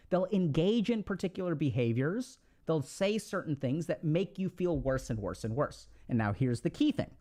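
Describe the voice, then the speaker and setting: A man's voice: high-pitched, darkish tone. A man giving a casual, explanatory talk who keeps checking in with his listeners and uses lots of conversational fillers. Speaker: speaker on relationships.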